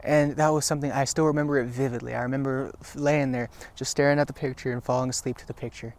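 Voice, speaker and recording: Man, devotional talk, earnest and encouraging, mid-pitched voice, repeats key phrases, halting restarts. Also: steady tone, darkish tone. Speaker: Christian video teacher.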